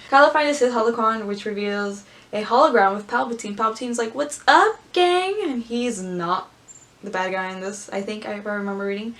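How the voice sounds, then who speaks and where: A woman vlogger reading aloud and chatting casually, gushing and squealing with excitement. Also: mid-range voice, vocal fry. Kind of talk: casual script-reading commentary.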